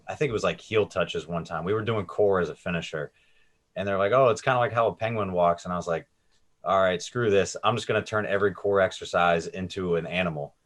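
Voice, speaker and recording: A man who hosts a podcast on strength coaching, chatting casually with a guest and sharing quick, laughing anecdotes. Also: fairly low pitch, a bit bright. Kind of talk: casual interview talk.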